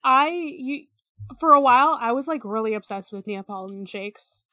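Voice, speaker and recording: A woman's voice: a little high, animated, moderate pace, pushed and bright, no echo, clean studio sound. A woman co-hosting a podcast in casual chat, rambling and hesitant with many fillers. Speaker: podcast co-host.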